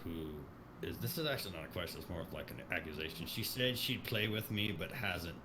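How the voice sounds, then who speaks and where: A man's voice: deep voice, expressive, fairly quick, background noise. A man hosting a podcast, reading chat questions and joking in a dry, self-mocking way. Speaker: podcast host.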